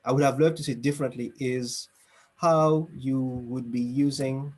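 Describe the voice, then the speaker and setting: Guy doing a speech evaluation on a video call, middle pitch, measured and encouraging, pauses for emphasis. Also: steady tone, a little mellow. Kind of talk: online club speech evaluation. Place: home room, speaking over a video call.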